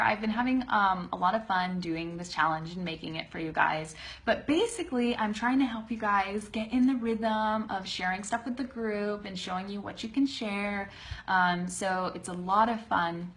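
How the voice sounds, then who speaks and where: A young woman teaching a live online English pronunciation lesson, chatty and laughing often, slowly modelling words on a webcam. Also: medium pitch, a bit bright.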